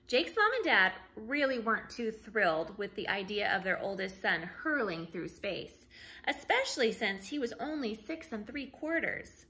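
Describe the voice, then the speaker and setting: Teacher reading a children's book aloud: a woman with a bright, lively, expressive voice. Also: mid-range voice, normal speed, rough recording. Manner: expressive, clear storytelling. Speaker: early learning teacher.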